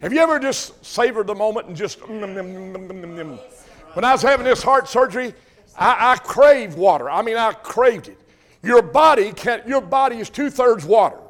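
Older preacher guy, really high voice, folksy, keeps quizzing the church folks. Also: expressive, normal speed, fairly bright tone. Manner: folksy, calls out questions to the congregation. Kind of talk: sermon.

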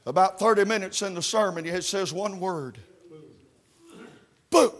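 Preacher man, high voice, fervent, lots of "uh, uh", revival sermon that builds to shouting. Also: a little slow. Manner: fervent, peppered with "uh, uh", climbing to shouts. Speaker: Baptist preacher.

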